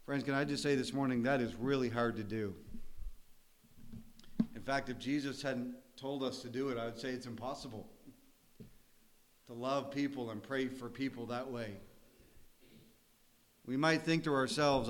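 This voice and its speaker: A pastor preaching a sermon in an earnest, conversational way, sometimes laughing and rising to emphasis. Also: male voice, mid-range voice, normal speed, long pauses.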